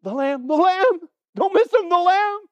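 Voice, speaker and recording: A man's voice: very high voice, lively intonation, measured pace, darkish tone, dry recording, pitched above the performer's own voice. A man acting a male prophet who urgently exclaims and points someone out to a crowd. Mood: ecstatic.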